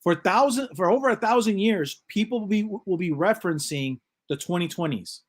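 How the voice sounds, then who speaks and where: Man co-host, a bit high-pitched, halting speech with restarts, casual commentary. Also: expressive. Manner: halting, repeats words, frequent agreeing backchannel. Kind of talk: casual talk-show commentary.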